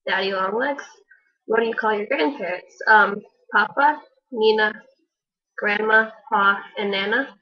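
A young woman reading a list of words and questions for a home video, hesitant, with frequent pauses and fillers. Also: mid-range voice. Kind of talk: reading a word list on camera. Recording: dull lo-fi home recording.

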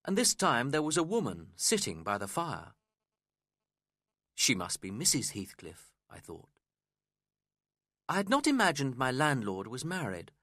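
Slow, clear male storyteller. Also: on the low side, fairly bright tone, no echo, clean studio sound. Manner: slow and clear for language learners. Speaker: narrator. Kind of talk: scripted narration of a graded reader story.

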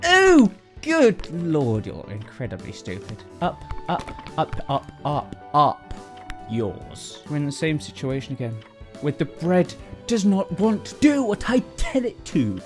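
A man's voice: fairly high pitch, big pitch swings, unhurried, soft background music. A man doing exasperated, self-mocking gameplay commentary, yelping often. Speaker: gaming YouTuber. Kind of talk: game commentary.

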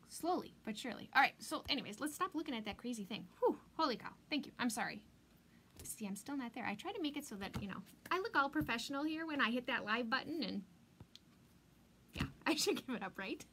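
A woman's voice: fairly high pitch, big pitch swings, fairly quick, long pauses, bright, forceful tone, slight background noise. A woman hosting a live craft demonstration stream, chatty and bubbly, greeting viewers by name and stretching out words for emphasis. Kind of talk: live craft demo chat.

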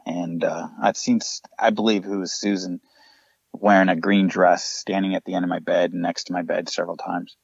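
A man's voice: low voice, flat delivery, normal speed, creaky, slightly rough, no room sound, highs cut off. A man, a paranormal investigator, earnestly recounting his ghost encounters as a podcast guest. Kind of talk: storytelling in a podcast interview.

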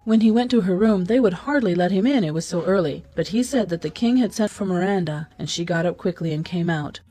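A woman storyteller reads a fairy tale as scripted narration, calm and even but brisk. Her lowish voice is mellow and slightly breathy, with soft music playing faintly behind her.

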